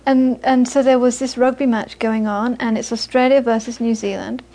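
Brief: high-pitched woman, Buddhist teacher, storytelling talk. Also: normal speed. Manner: storytelling, animated when quoting, soft and hushed on inner peace. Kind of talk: dharma talk with anecdotes.

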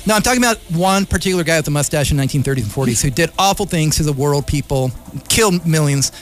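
A man in casual political chat reads a news article aloud and keeps breaking in with his own remarks. His voice sits high and animated, with faint music running underneath. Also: fast talker. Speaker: podcast co-host.

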